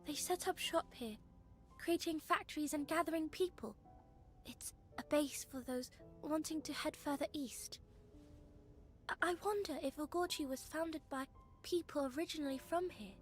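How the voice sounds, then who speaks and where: A woman's voice: sits high, moderate pace, faint music behind, natural voice. A woman voicing a nervous, earnest young game character who stammers as she shares information. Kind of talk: game voice acting.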